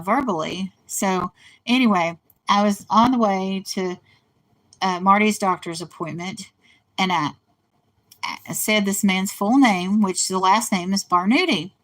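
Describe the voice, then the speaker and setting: A woman's voice: mid-range voice, a bit bright. Rambling older woman with a slight West Virginia accent. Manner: rambling storyteller, laughs at own stories. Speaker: host. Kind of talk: casual monologue. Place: in a car.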